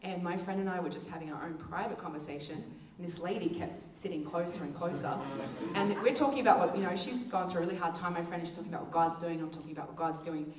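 A woman gives a storytelling testimony in a low-pitched voice, acting out dialogue with leaps in pitch. She is heard from a distance in a roomy, echoing space with a faint background hum. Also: fast talker, few pauses. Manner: storytelling, acts out quotes with big pitch jumps. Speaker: speaker. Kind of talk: testimony talk. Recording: echoey room, heard from a distance.

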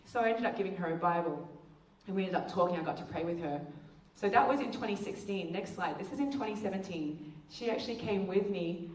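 A woman giving a testimony talk as a speaker, telling stories and acting out the quotes with big jumps in pitch. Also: brisk, few pauses, darkish tone. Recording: echoey room, heard from a distance.

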